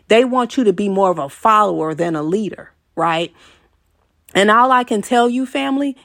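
A woman's voice: on the high side, a bit bright, no room sound, studio quality. A woman hosting a venting show, giving a blunt, preachy, casual encouraging monologue that swears freely.

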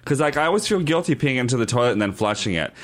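A man's voice: medium pitch, lively intonation, racing. A man in casual chat, wisecracking and skeptical.

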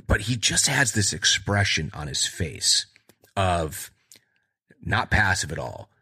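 A man with a deep, husky, bright-edged voice chats casually about movies in a slow, sing-song, rambling way. He keeps checking in with "right?" and slips into acted-out quotes from the scenes.

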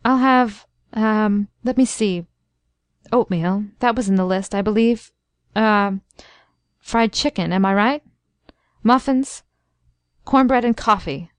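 Woman playing a stern older gentleman colonel, formal, measured, deliberate, dry sound. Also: mid-range voice, smooth, dry recording, natural voice.

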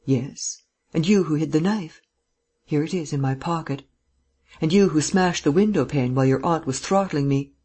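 A reader voicing a male gentleman thief who is weak from his ordeal, speaking in stammering, incredulous questions. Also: mid-range voice, normal speed, breathy edge, close to an everyday voice. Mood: bewildered. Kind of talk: audiobook dialogue reading.

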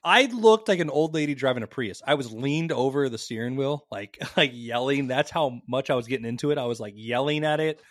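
A man co-hosting a podcast in casual chat, excitable and cursing freely, his pitch jumping when he gets worked up. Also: brisk, few pauses, no echo, studio quality. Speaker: podcast co-host.

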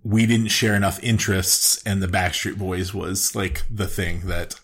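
A man's voice: low-pitched, steady tone, unhurried, fairly bright tone, slightly rough. A man in his thirties co-hosting a podcast in casual chat, with a dry, self-deprecating manner. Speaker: podcast co-host.

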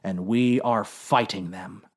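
A man's voice: lowish voice, slow pace, husky, voice pushed down. A man playing a grave submarine captain. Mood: solemn. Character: solemn middle-aged male submarine captain.

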